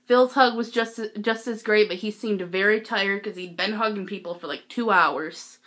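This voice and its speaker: A teenage girl vlogging, telling a story casually, giggly and excitable with lots of "like". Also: medium pitch, moderate pace.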